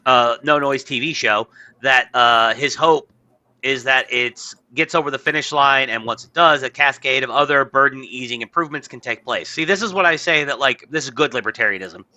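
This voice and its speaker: A man with a very bright, sharp-edged voice talks through a casual political podcast. He is blunt and quick to get worked up, with his pitch climbing as he argues. Between rants he reads news items aloud and stumbles over them. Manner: blunt, excitable, rising pitch when worked up. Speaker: podcast co-host.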